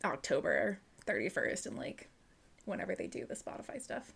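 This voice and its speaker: A woman's voice: fairly low pitch, very animated, normal speed, vocal fry, fairly bright tone, husky. A woman co-hosting a book podcast in casual chat, swearing freely, laughing often and sometimes talking while she eats. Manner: talks while eating.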